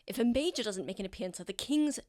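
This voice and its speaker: A woman's voice: on the high side, expressive, fast talker, darkish tone, dry recording, studio quality, close to an everyday voice. A woman voicing a stern male military colonel who scolds his subordinate in clipped, reproachful speech.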